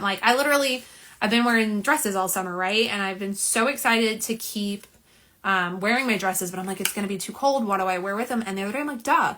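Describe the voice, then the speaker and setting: This nail polish livestream host has a sharp, mid-range voice, with slight background noise in the recording. She reads viewer comments aloud in a chatty, self-deprecating way while her phone camera, front and back, films the unboxing.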